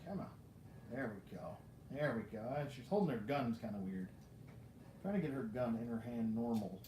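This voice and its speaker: A toy collector chats casually through a live unboxing, rambling, joking at his or her own expense, talking to the figures, and laughing often. The voice is mid-range and dark, with lively intonation and a moderate pace. The recording sounds roomy and carries a little hiss or hum.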